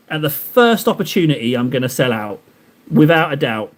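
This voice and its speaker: A young man with a fairly high, sing-song voice chats at a moderate pace to his live-stream viewers while painting miniatures. He rambles, talks to chat as he paints, and mocks himself.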